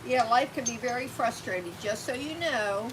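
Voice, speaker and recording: A woman's voice: fairly high pitch, normal speed, slight background noise, low-quality recording. A woman co-hosting a casual livestream, making blunt, wry remarks and greeting chatters. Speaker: co-host, host's partner.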